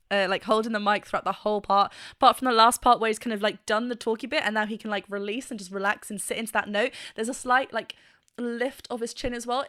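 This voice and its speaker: A woman's voice: mid-range voice, a bit bright, no echo, studio quality. A woman vocal coach giving enthusiastic, explanatory commentary in a reaction video, now and then breaking into short sung demonstrations.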